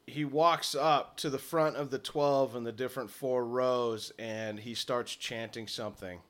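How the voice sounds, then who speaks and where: A man's voice: medium pitch, fairly even intonation, measured pace. Casual male game master narrating. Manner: casual narration with fillers, swearing.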